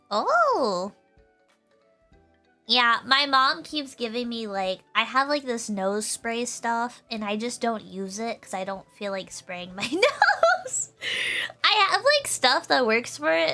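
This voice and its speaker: A woman streamer with a very high, bright, girlish voice that leaps around lively as she chats unhurriedly with her audience. She giggles often and strings her sentences together with "like", and faint music plays behind her. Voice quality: high, girlish voice that viewers comment on. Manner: giggly, laughs often, full of "like" fillers. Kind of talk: casual chat stream.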